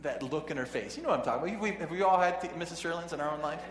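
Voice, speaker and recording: A man's voice: a little high, animated, very fast. Preacher man in an echoey hall. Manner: conversational, chuckling asides, frequent restarts. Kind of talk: sermon with storytelling. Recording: echoey hall with faint hum.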